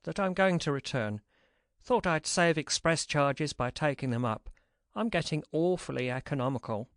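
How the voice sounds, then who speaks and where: A cool young safecracker with an even, lowered voice and clipped, unhurried lines, acted by a woman narrator. He stays unruffled throughout this storybook reading. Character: cool, confident male safecracker, young man.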